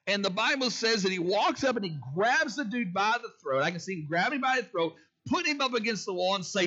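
Delivering a sermon in a high, bright voice, a male pastor speaks expressively, a little fast and with few pauses, repeating key phrases and calling questions out to the congregation. The recording is dull and lo-fi.

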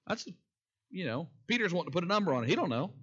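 A man's voice: sits high, sing-song, fast talker, fairly bright tone, breathy edge. A man preaching a sermon who repeats key phrases and asks the congregation questions, in a dull lo-fi recording. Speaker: pastor.

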